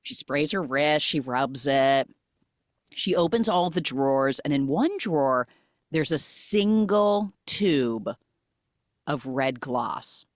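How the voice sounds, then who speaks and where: Host, woman, lowish voice, very expressive pitch, dry close sound, chatty storyteller. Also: takes it slowly, dry recording. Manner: animated storytelling with frequent "like" fillers. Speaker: podcast host. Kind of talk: casual film recap.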